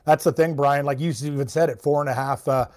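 Chatty man talking sports, slightly high voice. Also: steady tone, quick pace, darkish tone. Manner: chatty, laughs often, does voices of his mom. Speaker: sports radio co-host. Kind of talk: casual sports talk.

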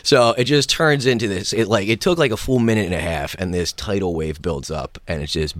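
A man's voice: on the low side, a little fast, a bit bright, a little hiss or hum. A man, a guest comedian, telling loose, profane stories and laughing through his punchlines. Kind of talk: casual storytelling chat.

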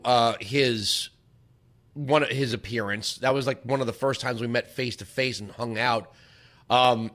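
A man's voice: mid-range voice, fairly bright tone. A man hosting a radio talk show, answering listener questions in a casual, rambling storytelling manner. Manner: conversational storytelling with many restarts and asides.

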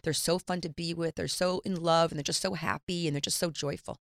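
A middle-aged woman telling a personal story in casual chat, candid and lively, acting out the voices she quotes. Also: lowish voice, a little fast, gravelly, no echo, clean studio sound. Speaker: guest.

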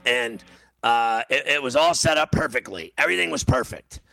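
With a medium-pitched, expressive voice at normal speed, this male sports radio host rambles through a long story full of stammered restarts. He turns loud whenever he reenacts his own yelling, and his vocal fry comes through on a rough recording with no room sound.

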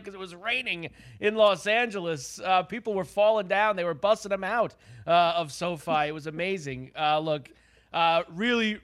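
A man co-hosting a sports betting show, chatting casually and getting worked up about the games. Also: sits high. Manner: excitable, talks up the betting angle, frequent "uh".

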